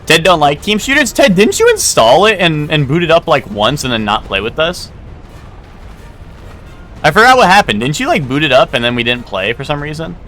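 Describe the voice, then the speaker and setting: A man's voice: a little high, sing-song, moderate pace, bright, forceful tone, soft background music. A man streaming a game live, chatting casually with a rambling, swearing, laughing manner. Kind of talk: casual live gameplay commentary.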